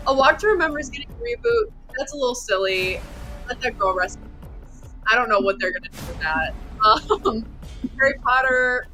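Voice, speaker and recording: A woman on a comedy news panel, chatty and breezy, firing off quick opinions. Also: on the high side, pushed and bright. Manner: chatty, breezy, self-described yapping. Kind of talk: rapid-fire hot takes.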